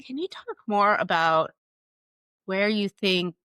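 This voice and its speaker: A woman's voice: medium pitch, animated, slow, pushed and bright, smooth, no room sound. A woman hosting a live interview show, introducing her guest and asking questions in earnest, thoughtful phrases. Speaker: podcast host.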